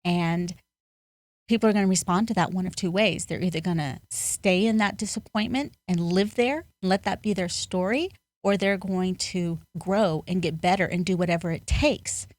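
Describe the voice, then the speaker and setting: A woman's voice: fairly low pitch, normal speed, no room sound. A woman guest on a podcast, a life coach speaking in an earnest, motivational way with emphatic bursts. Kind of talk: podcast interview.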